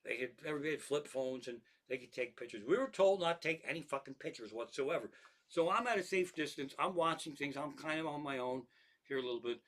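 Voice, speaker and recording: Bright-voiced profane comedian telling stories. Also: male voice, a little high, fast. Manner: profane, rambling, lots of restarts, animated. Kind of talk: stand-up style storytelling monologue.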